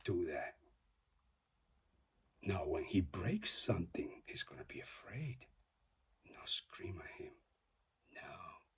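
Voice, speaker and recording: Brief: male motivational preacher, low and breathy, lively pitch, drops into whispers between loud exhortations. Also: slow pace, long pauses. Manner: emphatic, swings from loud declarations to whispers; repetitive, exhorting. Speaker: motivational speaker.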